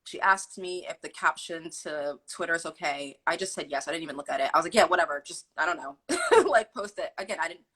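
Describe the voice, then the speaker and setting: Young adult woman guest, husky and a bit low, acts out quotes as she tells a personal story. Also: fast talker, rough recording. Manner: animated, acts out quotes with fillers like "like". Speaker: guest telling her story. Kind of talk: candid storytelling.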